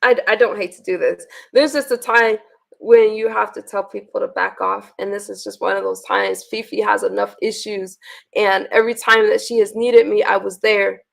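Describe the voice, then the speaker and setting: A woman's voice: mid-range voice, steady tone, normal speed, gravelly. A woman hosting a casual livestream, venting bluntly with profanity and frequent restarts. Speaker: livestream host.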